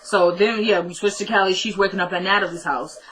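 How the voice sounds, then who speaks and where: A woman's voice: medium pitch, fairly even intonation, brisk, fairly bright tone, poor audio. A woman casually recapping a TV episode in a chatty way, retelling scenes with lots of "she goes" and "he's like". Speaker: TV episode reviewer.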